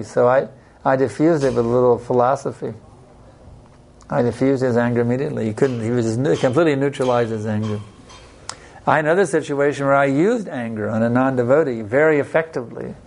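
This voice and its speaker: Male religious teacher, gravelly mid-range voice, unhurried plain-spoken delivery with anecdotes. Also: medium pitch, darkish tone, a little hiss or hum. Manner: unhurried, plain-spoken, tells personal stories. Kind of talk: devotional scripture class talk.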